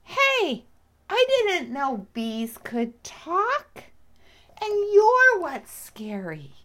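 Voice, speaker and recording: Woman playing small shy lion cub for a storybook, childlike, higher voice. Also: huge pitch swings, very slow, bright, forceful tone, full character voice. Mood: surprised. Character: little lion cub, young, lonely and shy.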